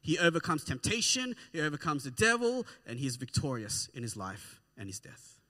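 A man preaching a sermon to a congregation in an animated way, often checking in with "right?". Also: a little high, fairly quick. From Australia. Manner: animated, keeps asking "right?". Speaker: pastor.

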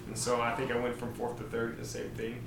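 A man's voice: mid-range voice, monotone, quick pace, a bit bright, far from the mic. A man in casual podcast chat, joking dryly and profanely and acting out imagined quotes. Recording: roomy sound with background noise.

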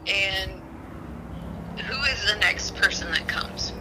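A middle-aged woman telling a personal story in casual chat, animated, dropping to whispers and laughing as she goes. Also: medium pitch, slow pace, slight background noise, low-quality recording.

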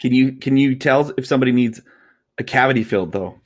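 A man's voice: medium pitch, fast. This man trades playful jabs in a casual podcast chat. He teases and jokes in easy, offhand banter.

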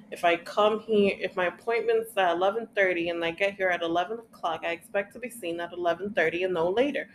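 A woman's voice: on the low side, quick pace, few pauses, a little hiss or hum. Profane ranting young woman. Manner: profane, ranting, acts out quoted voices. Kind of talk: casual chat.

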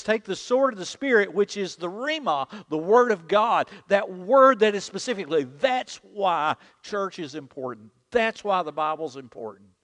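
Brief: lively male preacher, slightly high voice, echoing church hall. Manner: animated preaching, leads the congregation in call-and-repeat. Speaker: pastor. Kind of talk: sermon. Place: church sanctuary. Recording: long hall reverb.

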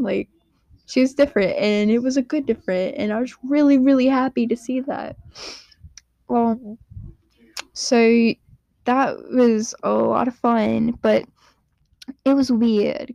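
A teenage girl hosting her own podcast in a quiet room at home, rambling and giggling at herself. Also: on the high side, creaky, no echo, lo-fi sound. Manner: rambling, giggly, self-deprecating. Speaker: podcast host. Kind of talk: casual solo podcast chat.

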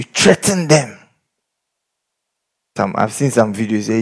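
A man's voice: lowish voice, takes it slowly. A man preaching a sermon, telling stories and acting out the people in them. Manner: animated storytelling, acts out quoted people.

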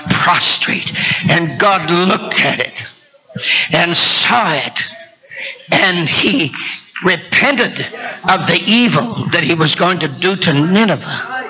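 Preacher guy w a really high bright voice, slow deliberate delivery, builds up to shouting, dull lo-fi tape w faint hiss. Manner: swings from low asides to high shouted climaxes; calls out to listeners in the congregation. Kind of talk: fiery sermon. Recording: dull lo-fi recording with faint noise.

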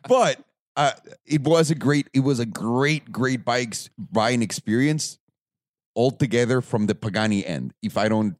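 A man hosting a podcast, telling stories in a lively, swearing, animated way and acting out the people in them. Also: mid-range voice, unhurried, no echo, studio quality. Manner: animated storytelling, swears freely, acts out quoted voices. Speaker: podcast host. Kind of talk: casual podcast chat.

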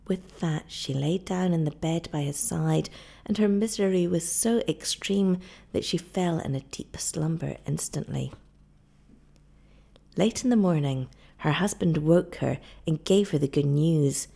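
Gravelly woman narrating a dark tale. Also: low voice, measured pace. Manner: dramatic, expressive storytelling. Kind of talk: audiobook narration.

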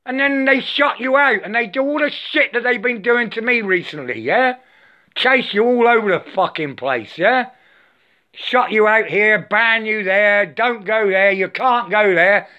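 A man's voice: sits high, a little slow, sharp tone. An older man delivering an angry, profane, preachy monologue to the camera, repeating himself and saying "I" for "my". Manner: profane, repetitive, preachy, says "I" for "my". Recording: dull lo-fi sound.

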